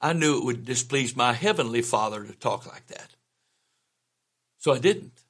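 A man's voice: mid-range voice, animated, a bit bright, husky. A man in his seventies from the United States, preaching a sermon as a bishop and telling plain, folksy stories from his own life. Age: 70s. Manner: folksy personal storytelling, unhurried.

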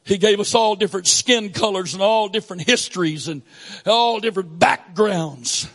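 A man with a Southern US accent preaching a sermon, swinging between shouted lines and quiet asides. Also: high voice, moderate pace. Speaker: pastor.

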